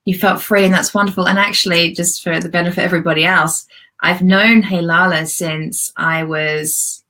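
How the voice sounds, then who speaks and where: A middle-aged woman coaching a live group video call, guiding a visualization softly and gently, tearful and pausing often. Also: lowish voice, steady tone, poor audio.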